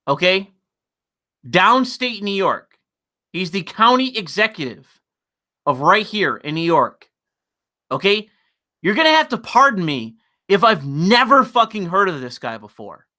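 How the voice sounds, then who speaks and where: On a livestream, a male political commentator delivers an exasperated rant full of profanity, his high, sing-song voice constantly rising and falling with a bright, sharp edge. He speaks unhurriedly with long pauses, and when he gets worked up he repeats words and restarts mid-sentence.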